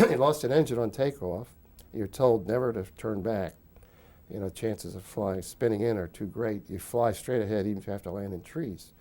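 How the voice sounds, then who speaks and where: An older man with a low, dark-toned voice tells his memories in an interview. He rambles warmly through the story, full of little fillers, and chuckles often as he goes. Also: moderate pace. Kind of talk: recounting wartime memories.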